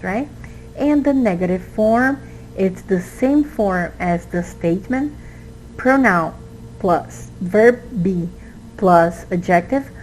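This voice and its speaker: A woman teaching an English exam review, speaking slowly and patiently and stressing syllables as she models words. Her first language is Portuguese. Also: mid-range voice, a little hiss or hum, poor audio.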